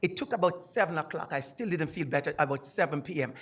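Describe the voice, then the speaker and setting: A middle-aged university lecturer with a Jamaican accent shares a personal story as testimony at a panel discussion, speaking emphatically and animatedly. His voice is fairly high-pitched, quick, and a bit bright, with a little hiss or hum.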